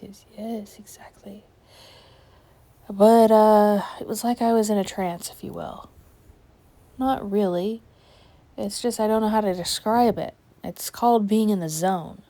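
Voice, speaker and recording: A woman's voice: mid-range voice, mellow, dry recording. Young woman rambling to herself while painting outside, silly and chatty, dry close sound. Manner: rambling, playful, self-talking with sudden whispers. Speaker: art vlogger. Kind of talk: casual chat while painting outdoors. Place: backyard, outdoors.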